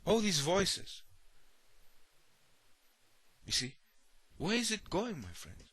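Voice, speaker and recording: A man's voice: sits high, huge pitch swings, takes it slowly, a bit bright, slightly rough. A man preaching a sermon, often repeating himself and asking "you see?", acting out the worried voices of others.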